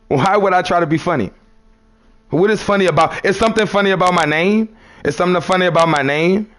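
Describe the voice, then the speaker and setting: A man with a New Orleans accent preaching on a live stream in a casual, repetitive way. His voice sits a little high for a man. He keeps calling his listeners son and brother. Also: fairly quick, fairly bright tone.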